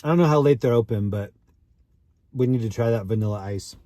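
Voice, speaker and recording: A man's voice: mid-range voice, a little fast, warm tone, no room sound. A man casually chatting on a live stream, joking, rambling, and greeting viewers by name.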